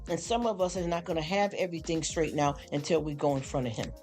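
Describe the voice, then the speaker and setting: Brief: weary host, mid-pitched voice, loose rambling faith chat over soft music. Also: quick pace. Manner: rambling, repeats "you understand?". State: tired after a long work shift. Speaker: live streamer. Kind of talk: casual spoken faith talk to a live chat. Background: faint background music.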